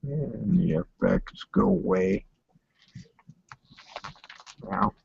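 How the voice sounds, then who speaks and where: A man's voice: low voice, huge pitch swings, extremely slow, creaky, a little mellow, slightly rough, no room sound. A man hosting a casual late-night voice chat, playful and theatrical, meowing and laughing. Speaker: chat room host. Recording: dull lo-fi dry voice chat audio.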